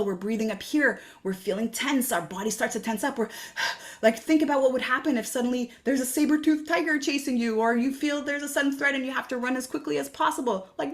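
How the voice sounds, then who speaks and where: A woman hosting her own podcast, talking earnestly and coaching listeners with reflective questions. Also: fairly high pitch. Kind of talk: solo podcast talk.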